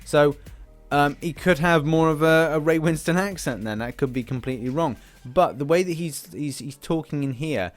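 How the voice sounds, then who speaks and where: A British man hosting a game channel, giving casual, rambling commentary with many restarts. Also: medium pitch. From Britain. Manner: rambling, lots of fillers and restarts.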